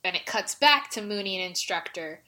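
A woman's voice: mid-range voice, expressive, moderate pace, sharp tone. Gushing woman recapping a show. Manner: emotional, gushing, heavy use of "like". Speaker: podcast co-host. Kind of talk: casual recap chat.

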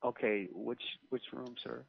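A man's voice: mid-range voice, fairly even intonation, unhurried, creaky, slightly rough. A man woken by a prank call, groggy and confused. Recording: tinny phone line.

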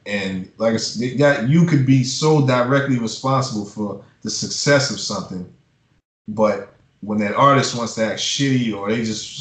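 A man who works as a music publisher, giving blunt, profane advice in a casual interview and ranting with heat. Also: lowish voice. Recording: roomy echo.

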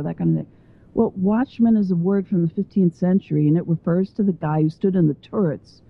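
Over a tinny phone line, a guest author talks briskly in a fairly low voice with vocal fry. She goes on at length, drifting from point to point as she lays out her ideas.

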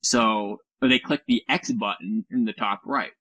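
A man's voice: lowish voice, unhurried, bright, forceful tone, dry recording, low-quality recording. Sarcastic man with a dry close sound. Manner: sarcastic, mocking with silly put-on voices, swears. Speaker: podcast co-host. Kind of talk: casual chat over a call. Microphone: computer mic on a voice call.

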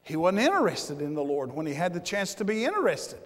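Man preaching, high voice, repeats himself, bursts into shouts, long church reverb. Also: big pitch swings, a little fast. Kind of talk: fiery sermon.

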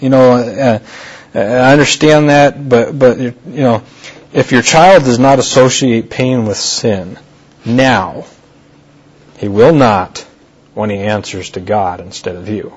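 Husky-voiced man preaching a sermon. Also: medium pitch, takes it slowly. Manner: conversational preaching, repeats key phrases for emphasis. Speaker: pastor. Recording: dull lo-fi sermon recording.

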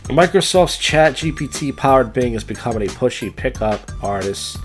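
A man's voice: medium pitch, lively intonation, normal speed, faint music behind. A man hosting a casual podcast, reading odd headlines and tossing in crude, offhand remarks, often stumbling and restarting as he reads. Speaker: podcast host.

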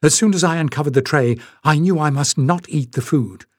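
A man's voice: medium pitch, normal speed, no echo, clean studio sound, natural voice. A man reading aloud, voicing a brave and earnest young woman in a storybook. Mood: urgent.

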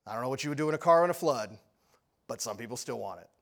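A man preaching a sermon, telling a story with lively energy and often asking the audience questions. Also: mid-range voice, fast.

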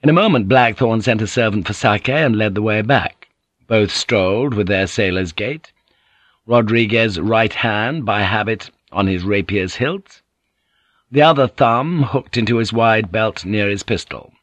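A man narrates an audiobook from a script, keeping an even, measured storytelling manner. His voice sits on the low side, with no room sound.

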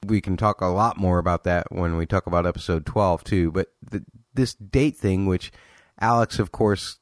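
Guy with a real deep voice ranting about a tv episode, talks in bursts, fixes his own words. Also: moderate pace, no room sound, clean studio sound. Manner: chatty, self-correcting, exasperated asides. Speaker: podcast host. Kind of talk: casual TV episode review.

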